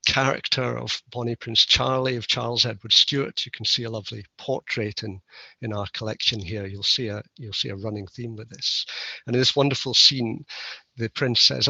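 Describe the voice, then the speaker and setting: A man's voice: medium pitch, creaky, sharp tone, breathy edge, no room sound, muffled recording. A man giving a keynote conference lecture with a wry, self-deprecating manner. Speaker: keynote speaker.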